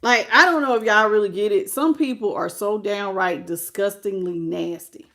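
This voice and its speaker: A woman giving a live tarot reading in a blunt, slangy, animated way, greeting chat viewers as she goes. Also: mid-range voice, normal speed. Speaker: tarot reader.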